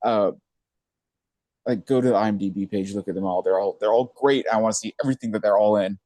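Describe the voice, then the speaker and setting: A young man co-hosting a podcast, chatting excitedly with lots of filler words. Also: on the low side, quick pace, no room sound. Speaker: podcast co-host. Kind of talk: casual chat.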